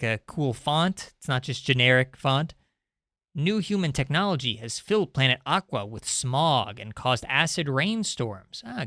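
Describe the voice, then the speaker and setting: A man's voice: on the high side, bright, forceful tone, no room sound, studio quality. A young man streaming indie games, chatting casually and sarcastically while reading the game's text aloud. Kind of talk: casual live-stream commentary.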